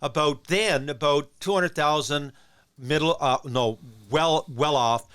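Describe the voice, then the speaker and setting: A man's voice: a little high, a little slow, clear, resonant tone. Rambling older man telling hockey stories. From Newfoundland, Canada. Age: 60s. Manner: rambling, animated, lots of restarts. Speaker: guest, former hockey player. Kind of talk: casual storytelling.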